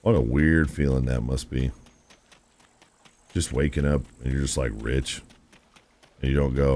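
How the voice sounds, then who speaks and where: A man hosts a casual live game stream, wandering between reactions to the game and idle musings for his chat. His voice sits very low but moves through a wide, lively range. He tosses "dude" around as he talks. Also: normal speed, long pauses. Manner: chatty and musing, calls viewers "dude".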